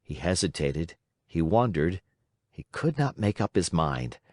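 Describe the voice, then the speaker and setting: A man reading a classic children's storybook aloud in an expressive, dramatic way. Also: deep voice, a little slow, dry recording, studio quality. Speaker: audiobook narrator. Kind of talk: scripted storybook narration.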